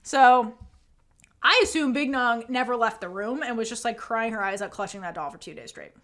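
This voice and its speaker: A woman co-hosts a casual recap podcast, narrating the story at normal speed in a fairly bright, higher-pitched voice. She says "like" constantly, swears casually, and acts out the characters' lines.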